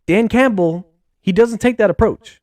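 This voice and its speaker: A young man hosting a casual sports podcast, rambling excitedly with lots of fillers. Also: high voice, normal speed, dry recording, clean studio sound. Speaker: podcast host.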